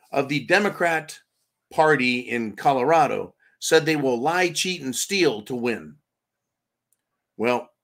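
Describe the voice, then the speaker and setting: This livestream host has a slightly high, somewhat bright voice. He goes through viewer comments and pokes sarcastic fun at the news, casual and heavy on fillers.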